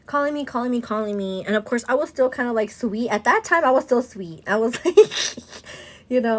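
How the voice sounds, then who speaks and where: A woman with a slightly high voice, chatting away as she tells a story in a casual get-ready-with-me vlog. She rambles, fills her talk with "like" and "girl", and now and then slips into Spanish. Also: lively intonation, fairly quick. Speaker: vlogger and host.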